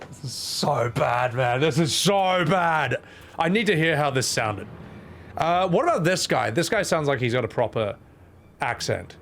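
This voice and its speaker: A man's voice: medium pitch, lively intonation, moderate pace, gravelly, fairly bright tone, faint music behind. A man with an Australian accent giving casual, sweary, self-mocking commentary while playing a game. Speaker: streamer.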